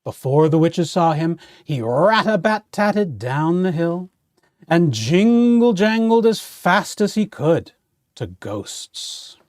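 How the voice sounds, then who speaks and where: A man's voice: on the high side, lively intonation, slow pace, darkish tone, dry recording, studio quality. Playful man hosting kids' storytime. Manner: playful, theatrical vampire host. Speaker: children's librarian playing a vampire count host. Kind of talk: storytime reading for children.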